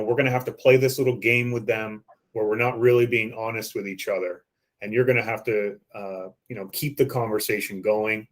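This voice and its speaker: A man giving a training lesson on phone sales scripts, coaching listeners and acting out the script lines. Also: medium pitch.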